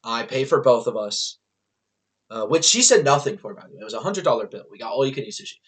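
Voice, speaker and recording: A young man telling a rambling, animated storytime to his camera in a casual vlog, swearing and laughing as he goes. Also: medium pitch, fast. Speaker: vlogger.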